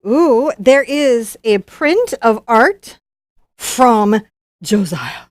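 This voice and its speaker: In a dry, studio-quality recording, a woman with a slightly high voice hosts a live unboxing. A professional artist and YouTube host, she's bubbly and gushing, breaking into quick bursts of excitement.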